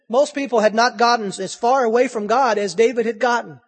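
High-voiced impassioned male preacher. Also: moderate pace, in a large hall. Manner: impassioned, rhetorical questions. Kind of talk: sermon.

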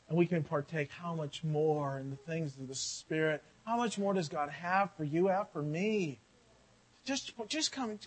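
A high-pitched male pastor delivers a sermon. He bursts into loud, fervent exclamations, then drops into hushed, earnest teaching. He laughs between his words at times. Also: moderate pace, rough recording. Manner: animated, shouting exclamations then dropping to quiet earnest tones.

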